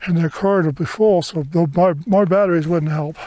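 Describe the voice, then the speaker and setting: A man's voice: a little high, moderate pace, mellow, a little hiss or hum. A man filming his hike outdoors, out of breath and rambling casually about the trail, with the mic close to his mouth. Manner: rambling, self-deprecating chatter. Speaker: hiker filming his walk. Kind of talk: casual vlog narration. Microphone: camera mic close to mouth.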